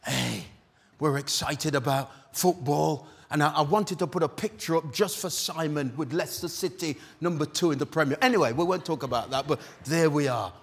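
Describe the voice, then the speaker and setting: A man's voice: fairly high pitch, a little fast, hardly any pauses. A British man preaching a sermon at a church service in an exclamatory, rousing way, calling out to the congregation.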